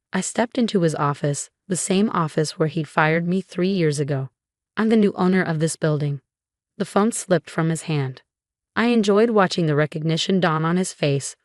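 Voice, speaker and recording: Low-voiced woman reading a story. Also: moderate pace, dry recording, studio quality. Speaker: story narrator. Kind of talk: scripted first-person story narration.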